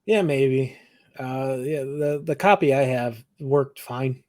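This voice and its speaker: A man co-hosting a podcast, recapping a TV episode in casual chat, animated and laughing often. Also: medium pitch, takes it slowly. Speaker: podcast co-host.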